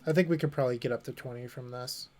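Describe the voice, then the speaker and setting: A man's voice: medium pitch, fast, mellow, slight background noise. A young man streaming a card game, thinking aloud and joking with his chat in a casual way. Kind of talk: casual commentary while playing.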